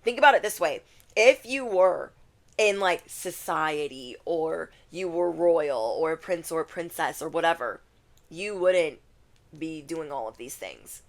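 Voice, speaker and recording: A woman with a slightly low voice delivers a casual spiritual tarot reading straight to camera. She talks in a loose, chatty way and keeps circling back to repeat her key lines. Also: animated, unhurried. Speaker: tarot reader.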